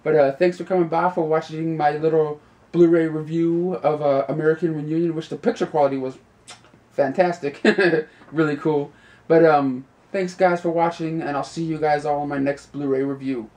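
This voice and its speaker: A man's voice: on the high side, fairly even intonation, moderate pace, a little mellow. A young man giving a casual, rambling review, leaning on fillers like "you know" and "like" and laughing often. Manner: laughs often while talking. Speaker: video reviewer.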